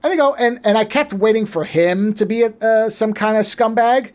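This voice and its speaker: High-voiced man recapping a movie. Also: moderate pace. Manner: animated storyteller, swears freely. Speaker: podcast co-host.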